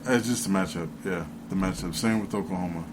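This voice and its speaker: A man's voice: low-pitched, quick pace, noisy background. A man co-hosting a casual sports podcast, giving short, laconic replies. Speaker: podcast co-host.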